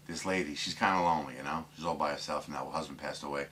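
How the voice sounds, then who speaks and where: A man's voice: extremely low pitch, fast talker, few pauses, sharp tone, a little hiss or hum. A man telling dirty jokes casually, rambling with lots of fillers and putting on voices for the characters. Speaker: joke teller.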